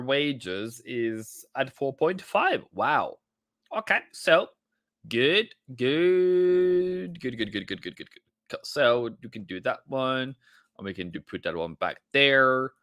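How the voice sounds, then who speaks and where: A playful man runs a live trading stream, jumping from dry market readouts to silly cheers. His pitch swings widely and he speaks at an unhurried pace. The sound is close and dry, with little room echo. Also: smooth. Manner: playful, jokey, breaks into excited chanting.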